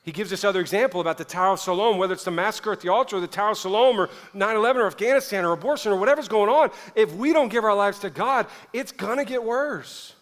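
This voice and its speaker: A man from the American South preaching a sermon, swinging from loud, urgent emphasis to hushed asides. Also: high-pitched, fast talker, hardly any pauses. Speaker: pastor. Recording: long reverb of a large hall.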